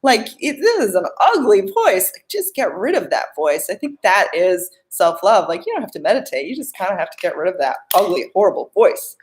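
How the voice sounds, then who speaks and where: A young woman talks casually on a live stream, coaching her viewers. She reads out their questions and answers them in a chatty, easygoing way, with plenty of filler words. Her voice sits in a middle pitch for a woman. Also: big pitch swings, brisk, few pauses. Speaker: life coach.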